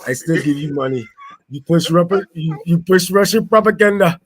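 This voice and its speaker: A man's voice: on the high side, normal speed, breathy edge, voice pushed up. A man putting on a joking male donor with a mock Russian accent, teasing and boisterous.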